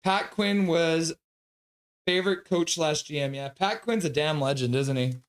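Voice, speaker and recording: A man's voice: fairly high pitch, unhurried. A man hosting a live stream, calling hockey play-by-play in a casual, chatty way and joking with chat between calls.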